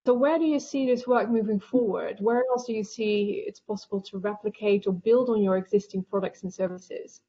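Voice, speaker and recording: A woman moderating an online panel, asking measured questions over a video call. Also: mid-range voice, dark tone, highs cut off.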